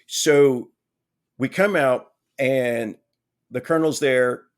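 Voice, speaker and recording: A man on a podcast telling a long anecdote in a casual way, with lively, self-mocking humor and frequent "right?" asides. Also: mid-range voice, slow pace. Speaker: podcast guest.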